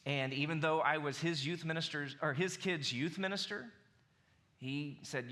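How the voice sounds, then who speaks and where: A man's voice: a little high, unhurried, sharp tone. A man in his forties with a Southern US accent preaching a sermon, conversational and building to emphatic bursts. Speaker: pastor.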